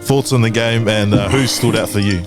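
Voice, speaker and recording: A man's voice: fairly low pitch, steady tone, moderate pace, soft background music. Man prompting his co-hosts. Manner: brief prompting interjections. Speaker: rugby podcast host. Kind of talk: casual chat.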